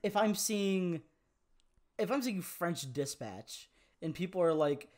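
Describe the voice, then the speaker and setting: A man's voice: high-pitched, animated, slow pace, darkish tone. A young man co-hosting a movie podcast, chatting casually and laughing often. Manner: laid-back, laughs often. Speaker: podcast co-host. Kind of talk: casual chat.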